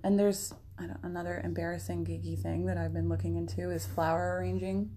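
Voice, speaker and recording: A woman's voice: fairly low pitch, level tone, fairly quick, warm tone, slight background noise. A young woman co-hosting a podcast, chatting casually and laughing often. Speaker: podcast co-host. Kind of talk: casual chat.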